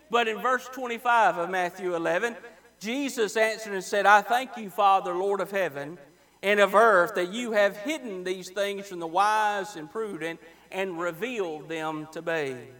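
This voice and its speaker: A Baptist preacher, a man, delivering a sermon with dramatic storytelling, acting out the people in his story and swinging between loud and soft. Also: sits high, normal speed.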